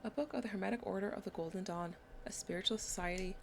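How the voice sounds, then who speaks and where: A woman's voice: mid-range voice, quick pace, gravelly, noisy background. A woman giving casual commentary while playing a video game, chatty and reading item text aloud. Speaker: gamer. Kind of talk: casual let's-play commentary.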